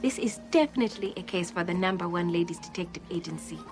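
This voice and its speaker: A woman playing a cheerful, kindly middle-aged woman detective, speaking in warm, formal, teasing phrases. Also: fairly low pitch, fast, loud music behind the voice, close to an everyday voice. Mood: sympathetic, firm.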